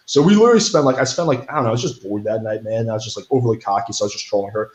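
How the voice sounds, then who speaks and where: A man's voice: fairly low pitch, very fast, hardly any pauses. A young man telling a story in a casual interview, blunt and profane, full of fillers like "like" and "right". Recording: echoey room.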